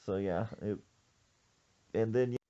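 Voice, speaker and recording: A man hosting a podcast, telling a story in an animated, jokey way. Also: lowish voice, slow pace, dull audio, slight background noise. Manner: animated, jokey, acts out quoted voices. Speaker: podcast host. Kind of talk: casual storytelling chat.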